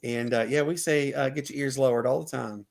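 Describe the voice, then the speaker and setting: A man from Mobile, Alabama with a Southern accent, hosting a casual sports podcast and telling stories in an animated way, laughing often. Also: mid-range voice, gravelly. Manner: animated, laughing, quick asides. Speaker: podcast host. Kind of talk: casual chat, storytelling.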